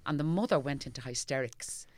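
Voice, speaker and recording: Fast-talking middle-aged Dublin woman. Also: very deep voice, a little hiss or hum. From Ireland. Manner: animated storyteller, acting out what people said. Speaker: guest. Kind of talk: casual chat.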